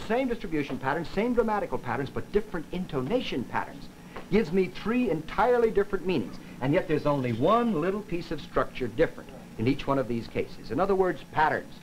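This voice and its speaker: Lively, emphatic male lecturer. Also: a little high, a little hiss or hum, rough recording. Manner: demonstrative, acts out examples with voice and gestures; emphatic, swings between loud and soft. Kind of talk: educational film lecture.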